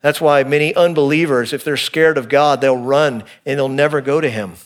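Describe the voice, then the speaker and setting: A middle-aged man preaching an expository sermon, earnest and shifting between emphatic and hushed delivery. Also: mid-range voice, normal speed. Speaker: pastor.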